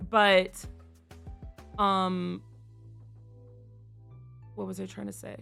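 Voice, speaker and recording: A woman streamer chatting casually on a live stream, frank and quick to laugh, swearing freely. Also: mid-range voice, little pitch movement, gravelly, a bit bright, soft background music.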